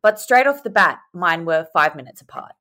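A woman's voice: lowish voice, normal speed. Chatty young woman on a video call. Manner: chatty, animated storytelling. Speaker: podcast guest. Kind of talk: casual chat.

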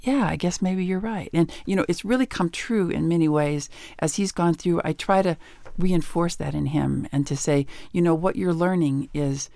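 An author and educator appears as a guest on a radio talk show, telling stories animatedly and chuckling often into a studio mic. Her voice is low and gravelly, her pace moderate, and the recording dry.

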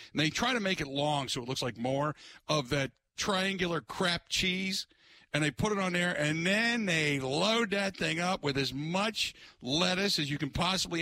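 A man hosting a talk radio show, ranting in an exasperated, animated way and putting on mocking voices. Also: high voice, no room sound. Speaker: radio host.

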